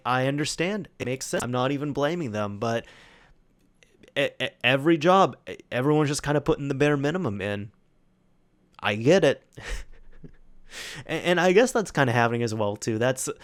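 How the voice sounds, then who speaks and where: A young man hosting a solo talk show, telling a story casually with many restarts and fillers. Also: mid-range voice. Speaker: host.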